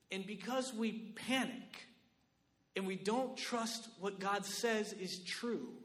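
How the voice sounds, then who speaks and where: A man preaching a sermon in an animated, conversational way, often checking in with his listeners. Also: high voice, in a large hall. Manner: animated, conversational, lots of "right?" and "like".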